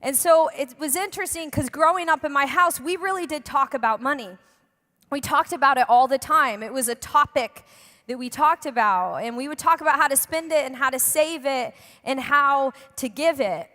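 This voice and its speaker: This young female pastor speaks at a normal speed in a high-sitting voice that sounds pushed and bright. Preaching in a church hall, she jokes and chats with the congregation while a long reverb trails each phrase.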